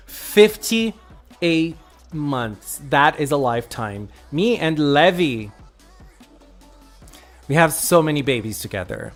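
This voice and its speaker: Excitable streamer. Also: mid-range voice, takes it slowly, faint music behind. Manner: excitable, gushing, greets viewers by name. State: a little sick. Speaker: live streamer greeting chat. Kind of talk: casual live stream chat.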